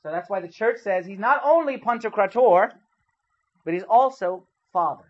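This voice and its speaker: Husky male youth preacher, chatty sermon style, quizzes his listeners, dull lo-fi recording. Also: high voice, expressive, moderate pace. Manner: conversational, quizzes the audience, keeps saying "okay?". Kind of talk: sermon to young people.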